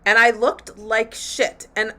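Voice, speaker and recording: A woman hosts a live motivational talk for her listeners. Her voice is bright and forceful, and she speaks candidly and with animation, dropping swear words freely along the way. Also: fairly high pitch, little pitch movement, slow pace. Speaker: podcast host and women's coach.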